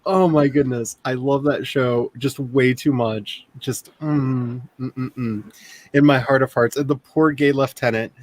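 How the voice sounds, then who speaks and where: An author hosting a writing stream chats casually in a medium-pitched, unhurried male voice, captured in a dry recording. He's animated and gushing, laughing often as he talks.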